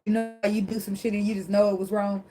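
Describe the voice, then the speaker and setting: Over background music on a rough recording, a medium-pitched woman speaks quickly with a flat delivery. She's giving a casual tarot reading in a blunt, emphatic way, swearing often, laughing, and adding preachy comments on faith, and she labels herself dramatic.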